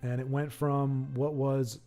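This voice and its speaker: A man's voice: medium pitch, flat delivery, takes it slowly, mellow, faint music behind. A man casually commentating a card game on a live stream, reading chat aloud, rambling and correcting himself with jokes. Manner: rambling, self-correcting, jokey.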